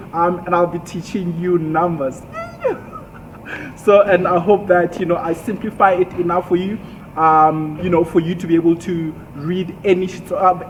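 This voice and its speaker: A man teaching a spoken language lesson in a casual way, with many fillers, and repeating words slowly to model pronunciation. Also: on the high side, a little hiss or hum, low-quality recording.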